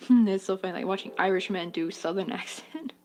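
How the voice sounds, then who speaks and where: A woman's voice: medium pitch, fairly quick, a little mellow. A woman chatting casually and giggling while she crochets on her vlog. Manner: chatty, giggly, talks to her work and to chat. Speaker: crochet vlogger.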